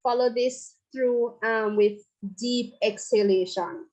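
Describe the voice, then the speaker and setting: A woman's voice: fairly high pitch, steady tone, takes it slowly, darkish tone, low-quality recording. A woman psychologist, leading a guided relaxation talk in a chatty way with playful asides. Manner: conversational, laughs and playful asides.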